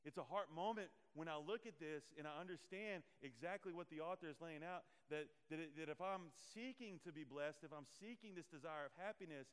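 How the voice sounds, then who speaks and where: A man's voice: on the high side, brisk, hardly any pauses, clean tone, long reverb tail. A man preaching a sermon as pastor, earnest, with swelling and falling emphasis and repeated phrases.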